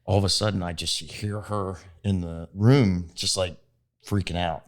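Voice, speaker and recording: A man's voice: sits low, steady tone, unhurried, slight background noise. A young man talking as a podcast guest, an easygoing storyteller who laughs at himself. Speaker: interview guest, groom. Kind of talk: casual podcast conversation.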